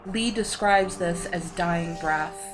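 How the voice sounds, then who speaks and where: A woman giving a slow, solemn scripted voice-over narration for a documentary. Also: on the low side. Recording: voice-over with music behind.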